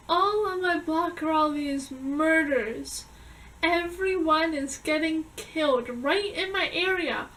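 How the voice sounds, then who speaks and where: A young woman vlogger chattily recounting her dreams from a journal, with quick asides to the viewer. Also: very high-pitched, a bit bright, far from the mic, a little hiss or hum, poor audio. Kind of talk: reading a dream journal to camera.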